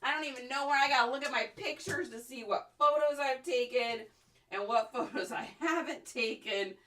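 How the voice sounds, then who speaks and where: A woman's voice: high voice, moderate pace. A middle-aged woman chatting casually to livestream viewers, getting worked up and ranting. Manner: animated, ranting, gets worked up. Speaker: reseller livestreaming product photography.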